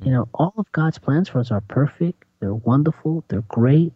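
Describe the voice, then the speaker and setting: A man co-hosting a faith talk, preaching in an animated, conversational way and acting out quotes. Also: medium pitch, moderate pace, hardly any pauses, no echo. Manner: animated, laughs often, acts out quotes. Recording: dry, slightly dull lo-fi sound.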